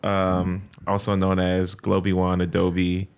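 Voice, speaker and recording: Slow, very deep-voiced male guest. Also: monotone, smooth. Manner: unhurried, hesitant with fillers. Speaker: podcast guest, DJ. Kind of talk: casual chat.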